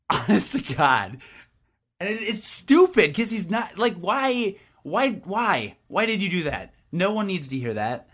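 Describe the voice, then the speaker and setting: A young man co-hosting a gaming podcast in loose, casual conversation. His voice sits a little high and swings widely in pitch as he talks. He is blunt and opinionated, often stumbling and restarting mid-thought. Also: unhurried, breathy edge. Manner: opinionated, animated, with frequent restarts. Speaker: podcast co-host and game reviewer. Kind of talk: casual chat.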